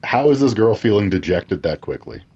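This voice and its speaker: A man's voice: on the low side, big pitch swings, a little fast, warm tone, breathy edge. A man co-hosting a podcast in a casual movie-recap chat, blunt and crude in his asides. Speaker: podcast co-host. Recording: dull lo-fi sound.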